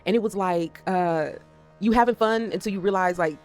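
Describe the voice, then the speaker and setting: A woman's voice: medium pitch, moderate pace, a little mellow, faint music behind. A woman talking casually to camera as a vlogger, rambling and swearing as she jumps between topics.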